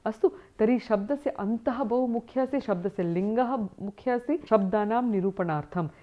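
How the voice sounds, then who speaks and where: A woman's voice: fairly high pitch, fast talker. A woman teaching Sanskrit grammar in a recorded lecture, mixing English with Sanskrit terms and checking in with her students. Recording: tinny phone-like sound.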